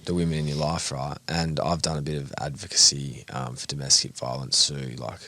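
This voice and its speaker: Brief: young Australian co-host, very low voice, dry close sound, thoughtful chat. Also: male voice, level tone, pushed and bright, no echo. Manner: reflective, slow and searching. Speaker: podcast co-host. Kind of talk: casual podcast conversation.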